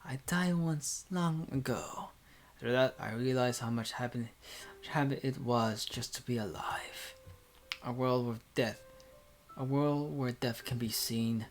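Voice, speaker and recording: A woman voicing an earnest teenage boy, speaking softly and deliberately in a visual novel reading. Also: extremely low pitch, soft background music. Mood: reflective. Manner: soft, quiet, deliberate.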